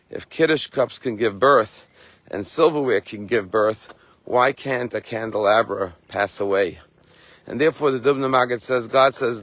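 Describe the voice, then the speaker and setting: A rabbi giving a short sermon, telling a story and then gently encouraging his listeners. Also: mid-range voice, dry recording.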